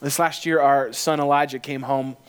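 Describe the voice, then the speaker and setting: A man's voice: medium pitch, level tone, normal speed, smooth. A man in his forties preaching a sermon as a pastor, conversational and joking, often repeating phrases.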